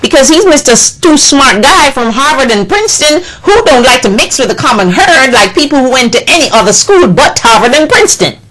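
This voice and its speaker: Indignant, animated woman ranting. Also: high-pitched, a little fast, hardly any pauses, rough recording. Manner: indignant, scolding, emphatic. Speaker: political commentator. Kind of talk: impassioned political monologue.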